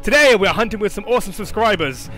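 A high-pitched young man commenting on his game as he plays, excitable and foul-mouthed, joking and shouting at his teammates. Clear game music plays loudly behind him. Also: fast. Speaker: gaming channel host. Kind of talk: live gameplay commentary.

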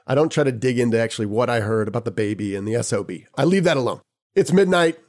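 A podcast host telling a personal anecdote in a lively, casual way, chuckling now and then. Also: male voice, mid-range voice, fast. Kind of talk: personal storytelling.

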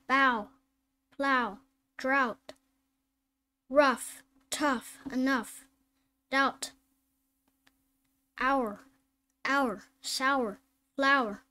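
A woman reading phonics drills and simple sentences aloud, slow and deliberate, word by word. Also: high voice, pushed and bright. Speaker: phonics teacher.

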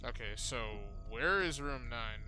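A young man giving casual gameplay commentary, excitable and slangy, with loud yelps. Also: mid-range voice, unhurried, a little hiss or hum. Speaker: gaming channel host.

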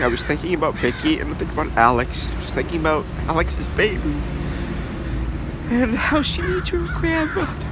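A man's voice: high voice, background noise. A man giving a comedic product review monologue in a goofy, rambling way, jumping between silly voices.

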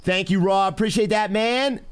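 A man giving live gameplay commentary as a streamer, excitable and constantly talking to his chat. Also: sits high, normal speed, smooth. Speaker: game streamer.

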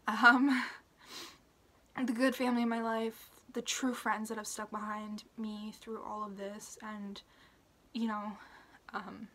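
A young woman talking through a personal update to her camera, halting and emotional, with many fillers and restarts, sometimes sinking to a whisper. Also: mid-range voice, little pitch movement, a little hiss or hum. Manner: soft, drops into whispers. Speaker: vlogger. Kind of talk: personal recovery update vlog.

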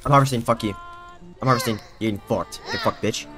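Profane, excitable young gamer man. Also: mid-range voice, fast. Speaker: gaming streamer. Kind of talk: live gameplay commentary. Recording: home mic with game music behind.

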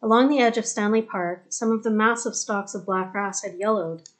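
A woman narrating an audiobook in a steady, even storytelling manner. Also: medium pitch, normal speed. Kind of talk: scripted narration.

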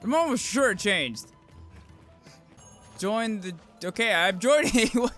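Excitable high-voiced man swearing at a game. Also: takes it slowly. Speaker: gaming channel host. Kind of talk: let's play commentary. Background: game music.

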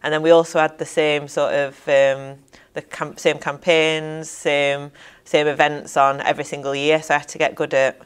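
Yorkshire woman in her 30s, smooth clear voice, pretty flat delivery, relaxed. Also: sits low, normal speed. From Yorkshire, England. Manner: relaxed, hesitant, with fillers. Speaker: interview guest. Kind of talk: casual interview answers.

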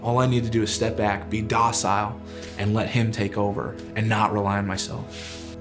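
A young man with a fairly low voice shares a personal testimony, talking casually and filling pauses. Soft music runs faintly beneath him. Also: level tone. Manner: casual storytelling, filler words.

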